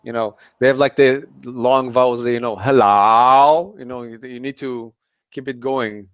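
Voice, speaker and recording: A man, a non-native English speaker, talking as an interview guest in careful, halting speech. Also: mid-range voice, little pitch movement, clean tone, dry recording, muffled recording. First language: not English. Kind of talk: casual chat.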